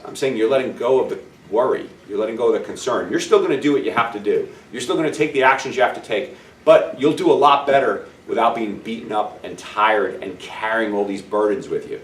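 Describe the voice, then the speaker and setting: A man hosting a self-help show, telling a story in an upbeat, encouraging way and speaking straight to the viewer. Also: mid-range voice. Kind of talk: storytelling with a motivational message. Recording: roomy sound, distant mic, faint ambience.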